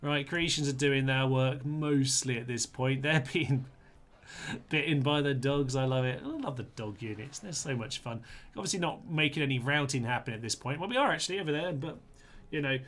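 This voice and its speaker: A man's voice: mid-range voice, moderate pace, a bit bright. A man giving chatty live commentary on a strategy game, talking to his troops in a playful way and laughing often. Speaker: gaming streamer.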